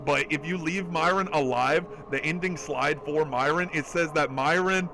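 A man's voice: on the high side, moderate pace, background noise. A man streaming a game live, chatting casually, swearing often and reading out and thanking viewers from chat. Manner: excitable, swears often, reads chat aloud and thanks donors. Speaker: livestreaming gamer. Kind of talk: casual live gameplay commentary. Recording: game music in the background.

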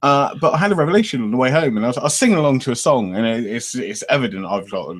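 A man's voice: mid-range voice, very animated, fast talker, hardly any pauses. A man co-hosting a podcast, chatting playfully and teasing the others. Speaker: podcast co-host. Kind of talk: casual banter.

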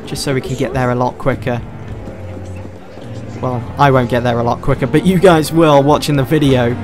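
A man giving casual let's-play commentary, chatting and thinking aloud as he explores. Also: mid-range voice. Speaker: gameplay commentator.

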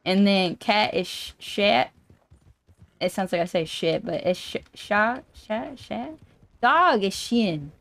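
Woman streamer, unhurried and giggly, casual jokey chat, mid pitch. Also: expressive, creaky, fairly bright tone.

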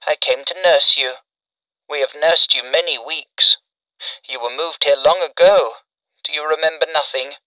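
A man voicing a gentle mother who soothes her wounded son, in a storybook reading. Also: on the high side, unhurried, no room sound, voice pushed up, poor audio. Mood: tender. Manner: tender, soothing.

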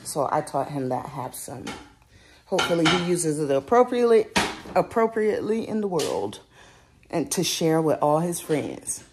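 A young woman talking casually in a home vlog, joking playfully and speaking gently to her child. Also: sits low, sing-song, moderate pace, noisy background. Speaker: vlogger and parent.

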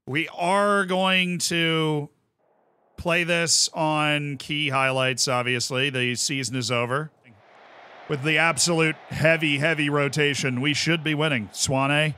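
A man streaming a football management game, who swings from quiet musing to loud commentator-style shouts. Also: steady tone, clean tone. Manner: shouts goal calls like a sports commentator; drops low and quick when musing.

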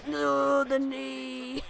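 High-voiced excitable woman gamer. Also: very slow, vocal fry. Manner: excitable, exclaiming and swearing at the game. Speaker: gaming channel host. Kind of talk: let's play commentary.

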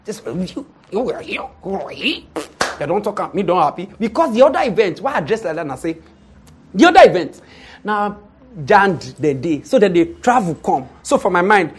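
A young Nigerian man, an event MC, tells a comic story in an animated way and acts out the people in it. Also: sits high, brisk, husky. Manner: animated, acts out quoted people, often laughs. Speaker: event MC and show host.

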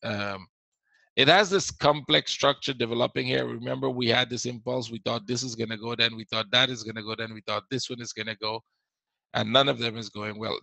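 A man's voice: medium pitch, gravelly, pushed and bright, no echo, poor audio. A man teaching a live trading webinar, repeating his points and answering viewers as he goes. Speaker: forex trading instructor.

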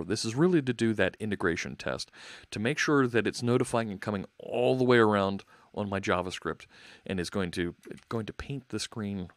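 A man's voice: fairly low pitch, dry recording. A man hosting a live coding stream, thinking aloud as he works and chatting with viewers. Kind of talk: casual live coding narration.

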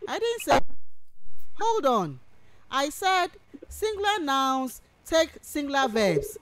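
A woman lecturer, teaching on radio and taking calls, who speaks warmly and affectionately and repeats points patiently. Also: sits high, sing-song, takes it slowly, slight background noise. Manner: affectionate, calls listeners sweetheart and my dear. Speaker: university lecturer. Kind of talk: radio lecture with call-ins.

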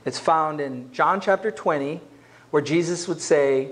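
A man's voice: fairly high pitch, a little slow, fairly bright tone. A man preaching a sermon as a pastor in a church, talking to the congregation in a conversational way. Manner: conversational, acts out quoted voices.

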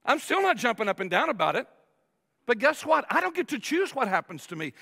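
A man preaching a sermon as pastor, emphatic and lively, sometimes acting out whiny complaints. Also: extremely high pitch, a little fast, creaky. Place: large church sanctuary. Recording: long reverb of a church hall.

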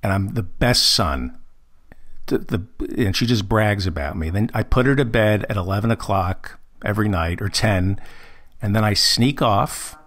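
A man's voice: on the low side, measured pace, fairly bright tone. A male podcast host from New York, joking and mocking himself in a casual chat.

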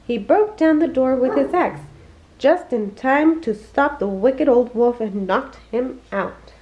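A woman reading a children's bedtime story aloud, expressive and slowing down for emphasis, on a dull lo-fi recording. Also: high-pitched. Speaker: family storyteller.

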